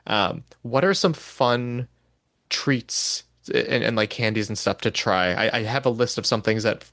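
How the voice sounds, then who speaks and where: An American man hosting a podcast, relaxed and asking questions, filling his talk with "like". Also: medium pitch, a little slow, creaky, dry recording, studio quality. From United States. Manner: relaxed, lots of "like" fillers, asks questions. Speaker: podcast host. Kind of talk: casual chat.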